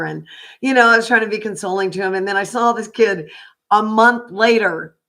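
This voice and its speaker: A woman's voice: mid-range voice, moderate pace, sharp tone. An older woman from Oklahoma, a psychic reader chatting casually on a livestream, rambling with fillers and restarts.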